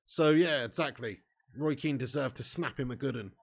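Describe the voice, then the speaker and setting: Gravelly man streaming a match. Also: mid-range voice, normal speed. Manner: banter with chat, swears freely, bursts loud on chances. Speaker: watch-along streamer. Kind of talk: live football watch-along chat.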